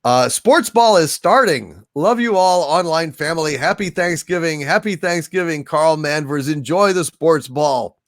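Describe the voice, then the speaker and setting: Soft-spoken halting male livestream host. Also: fairly high pitch, dry recording, studio quality. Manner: soft-spoken and halting, thanking viewers by name. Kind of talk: casual livestream chat, reading viewer donations.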